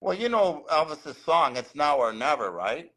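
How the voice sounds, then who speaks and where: A man's voice: fairly high pitch, moderate pace. A middle-aged man, a guest in a casual interview, telling stories animatedly and acting out the people he quotes. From Cleveland. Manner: animated storyteller, acts out the people he quotes, laughs often. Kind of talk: casual storytelling chat.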